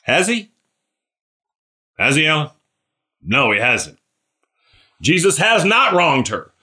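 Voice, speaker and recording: A man preaching a relaxed, conversational sermon. He keeps checking in with the congregation and calls on listeners by name. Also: a little high, slow pace. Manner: chatty, asks listeners questions by name; animated, acts out scripture characters. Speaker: pastor.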